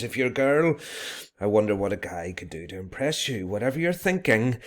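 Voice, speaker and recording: A man teaching a recorded video lesson, chatty and jokey, now and then building to bursts of excitement. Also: deep voice.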